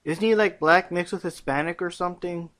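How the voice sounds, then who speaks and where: A young man co-hosts a laid-back fan podcast, retelling episode scenes with lots of "like" and bits of acted dialogue. His voice sits a little high for a man. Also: brisk. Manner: animated, acts out quotes in voices. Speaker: podcast co-host. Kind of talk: casual fan chat about a cartoon.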